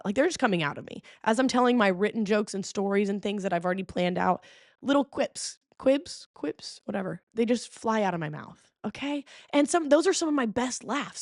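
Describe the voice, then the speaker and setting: A woman hosting a podcast in casual chat, telling stories expressively, full of "okay?" and "like", with sudden jumps in pitch. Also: lively intonation, brisk, dry recording, clean studio sound. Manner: frequent fillers like "okay?" and "like". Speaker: podcast host.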